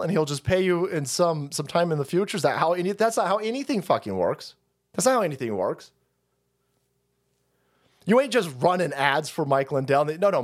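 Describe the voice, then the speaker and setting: Profane male streamer ranting, somewhat high voice with big swings in pitch. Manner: foul-mouthed, rambling, sarcastic. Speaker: host. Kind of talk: ranting political commentary stream.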